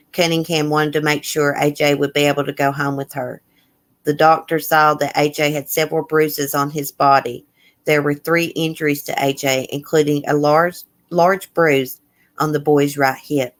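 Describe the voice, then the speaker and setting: A host on a casual live stream reads a news report aloud in a mid-range voice. Blunt, indignant asides break into the reading, along with quick remarks to the chat. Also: medium pitch, level tone. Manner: chatting with viewers in the chat.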